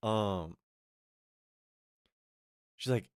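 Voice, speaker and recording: A young man streamer telling a story in a casual rant, animated and swearing, acting out what people said. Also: fairly low pitch, slow, pauses often, no room sound, studio quality.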